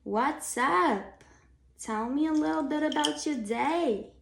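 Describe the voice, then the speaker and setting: A brassy, high, loud New Yorker voice, all cheer and exaggeration, as a young woman puts it on, with some fry in the tone. The recording is roomy. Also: takes it slowly, slight background noise, exaggerated voice. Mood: playful. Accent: New York. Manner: exaggerated, playful. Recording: roomy echo.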